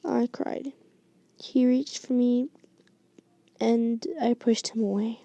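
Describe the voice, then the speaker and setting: Hushed, gravelly young woman, whispered story reading. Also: fairly high pitch, steady tone, no echo, lo-fi sound. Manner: hushed, halting, with restarts. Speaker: story reader.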